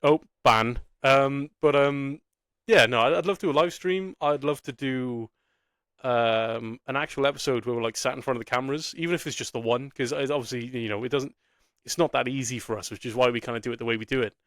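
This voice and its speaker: A man with a mid-pitched voice co-hosting a laid-back podcast. He chats easily, peppering his talk with fillers, and his voice sounds dry and close. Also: fast, fairly bright tone, no room sound. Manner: chatty, many fillers like "yeah, no". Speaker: podcast co-host. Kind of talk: casual podcast chat.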